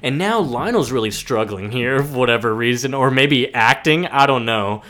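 A man's voice: medium pitch, lively intonation, moderate pace, fairly bright tone. A man co-hosting a casual rewatch podcast, joking about scenes and quoting the characters. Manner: laid-back, joking, quotes characters. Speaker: podcast co-host. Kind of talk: casual rewatch recap chat.

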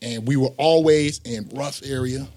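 A man's voice: mid-range voice, moderate pace. A man, a guest lawyer from the United States, talking with energy and emphasis in a casual podcast chat. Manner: animated, emphatic storytelling.

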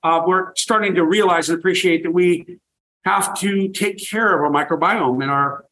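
A man's voice: high voice, moderate pace, bright, forceful tone, low-quality recording. An older man, a farmer and guest, telling stories with enthusiasm and emphatic repetition. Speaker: guest, raw milk farmer. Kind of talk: energetic interview talk.

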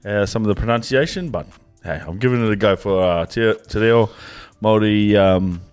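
A man's voice: on the low side, brisk, darkish tone, clean tone, soft background music. Laid-back man on a podcast. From Australia. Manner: easygoing, laughs and says mate a lot. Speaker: podcast co-host. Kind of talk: casual podcast banter.

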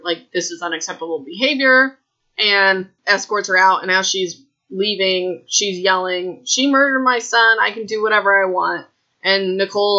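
A woman hosts a podcast, recapping a book in a chatty, excitable way, often stopping to talk to her listeners. Her voice is bright and forward. The recording sounds a little dull and lo-fi. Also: medium pitch. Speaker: podcast host.

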